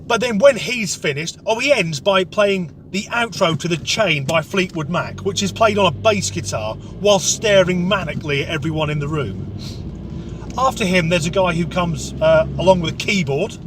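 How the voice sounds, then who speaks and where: A man's voice: high voice, a bit bright, a little hiss or hum. A man telling a comic rant story, sweary, sarcastic and exasperated. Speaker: comedic vlogger.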